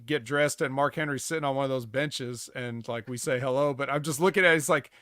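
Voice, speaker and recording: A man's voice: medium pitch, brisk, a bit bright, no echo, clean studio sound. A man co-hosting a wrestling podcast, telling stories in a rambling casual chat full of fillers. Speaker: podcast co-host.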